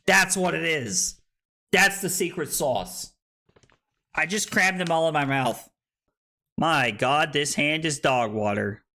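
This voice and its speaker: A man's voice: fairly high pitch, lively intonation, slow pace, gravelly, pauses often, sharp tone. A tipsy man streaming a card game, joking, laughing and swearing with his chat. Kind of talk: casual livestream chat over a card game. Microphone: streaming microphone.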